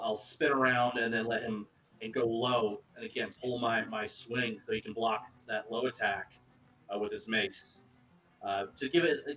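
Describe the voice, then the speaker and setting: Low-voiced man, halting, off-mic. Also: a bit bright, distant mic, poor audio. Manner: halting, many fillers and restarts. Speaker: player. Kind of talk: describing character actions in a tabletop game.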